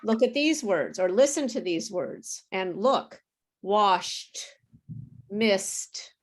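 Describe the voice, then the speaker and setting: A woman tutoring English pronunciation over a video call, explaining slowly and patiently. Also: medium pitch, lively intonation, a little mellow. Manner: slow, careful teacher explaining with apologies and laughs. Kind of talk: online pronunciation lesson.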